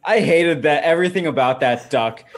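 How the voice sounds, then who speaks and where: A man's voice: fairly high pitch, moderate pace. A man co-hosting a podcast, complaining sarcastically and swearing in casual chat. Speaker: podcast co-host, critic of the show.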